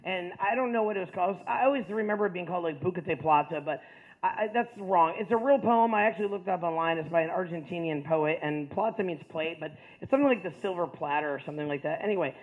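Guy from the ohio valley telling a rambly story, self-mocking, high voice, tinny phone-like audio. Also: fast. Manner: casual, rambling, self-mocking, heavy on fillers. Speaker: speaker. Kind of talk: storytelling talk to an audience.

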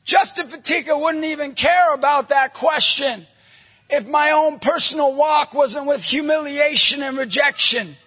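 A middle-aged man, a Catholic evangelist, preaching energetically to a live audience, telling jokey stories and bursting into loud emphasis. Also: very high-pitched, unhurried. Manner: punchy, jokey storyteller, bursts into shouting emphasis. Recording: long hall reverb from a large venue.

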